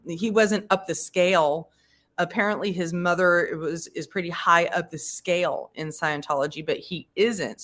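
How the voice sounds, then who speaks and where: Rambling low-voiced woman streamer. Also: fairly bright tone. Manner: rambling, with frequent restarts and searching for words. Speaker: commentator hosting a members' live stream. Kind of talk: casual live commentary.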